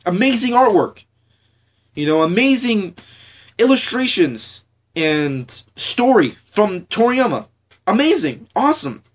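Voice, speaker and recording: This young podcast host from the US speaks in a high, slightly bright voice. He rants casually, swearing a lot, repeating himself, and constantly using fillers and starting over.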